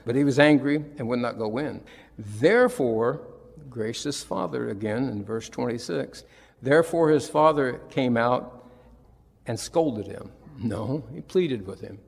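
Male preacher, gravelly voice, emphatic sermon delivery, long hall reverb. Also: medium pitch, animated, unhurried. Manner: retells scripture with emphatic, rising and falling delivery.

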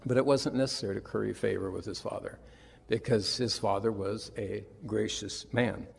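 A man's voice: on the low side, steady tone, moderate pace, creaky, slight background noise. A man preaching a sermon, retelling scripture with emphatic, rising and falling delivery. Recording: long reverb of a large hall.

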